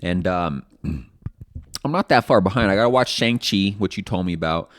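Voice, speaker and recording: A man's voice: low voice, animated, moderate pace. A man co-hosting a podcast in casual chat, rambling and swearing, with lots of fillers and restarts. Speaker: podcast co-host.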